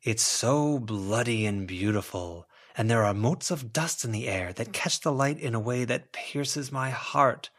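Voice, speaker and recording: A man's voice: mid-range voice, a bit bright. A man voicing a whimsical, romantic young man in an audiobook reading, drawing out his words dramatically. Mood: wistful slow. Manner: slow, lingering, dramatic delivery.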